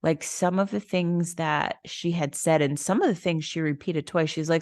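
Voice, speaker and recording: A woman's voice: low-pitched, steady tone, normal speed, hardly any pauses, darkish tone, dry recording, clean studio sound. A woman hosting a podcast, casually telling a personal story, candid and frank. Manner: candid, casual, swears and laughs. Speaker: podcast host.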